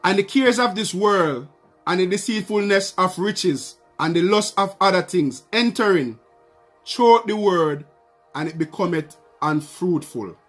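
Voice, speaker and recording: A man with a notably high voice preaches a sermon. He leans on repeated phrases and calls out to the congregation for a response, while soft music plays faintly underneath. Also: expressive, a little slow.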